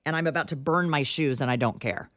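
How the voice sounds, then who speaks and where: A woman's voice: sits low, fast talker, a bit bright, dry recording. A woman co-hosting a radio show, chatting casually and teasing with frequent laughs in a cold studio. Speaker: radio co-host. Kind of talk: casual on-air banter.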